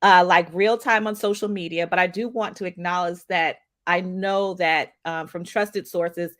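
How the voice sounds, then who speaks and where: A woman's voice: on the low side, steady tone, measured pace, a bit bright. Earnest, reflective woman podcaster. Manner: reflective, earnest, laughs easily. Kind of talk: casual podcast discussion.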